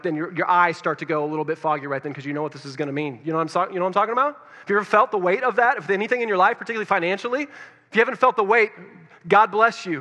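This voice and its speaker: A man preaching fast in a high, bright voice. He tells his story straight to the listeners, dropping low and quiet, then building back up. A long reverb hangs on his voice in a large hall. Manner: storytelling, addresses listeners directly, swings between loud and hushed. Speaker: pastor. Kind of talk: sermon.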